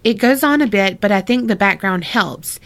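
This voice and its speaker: A woman's voice: mid-range voice, animated, moderate pace, a bit bright. A woman co-hosting a casual podcast, reading listener stories aloud, laughing often and swearing freely. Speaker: podcast co-host.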